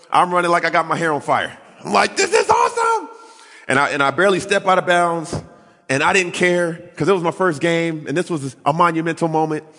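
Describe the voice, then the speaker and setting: A man preaching a sermon, telling his story and acting out quoted voices with big swings in pitch. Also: sharp tone, big-room sound. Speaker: pastor.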